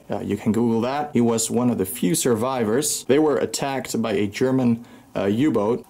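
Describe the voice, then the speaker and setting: A man's voice: medium pitch, a little mellow. A Dutch man with a Dutch accent, hosting an enthusiastic show-and-tell tour of his collection room at home, pointing out items one by one. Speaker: collector and channel host.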